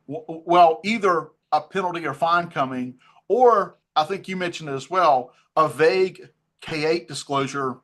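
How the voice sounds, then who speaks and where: A man moderating a panel discussion, thinking aloud as he frames questions in a relaxed, conversational way. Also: fairly high pitch.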